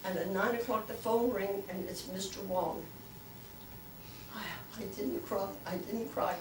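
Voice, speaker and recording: An older woman giving a lively storytelling talk to a club, acting out the voices she quotes. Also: medium pitch, measured pace, noisy background. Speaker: guest speaker. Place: club meeting room. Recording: echoey room, mic from far off.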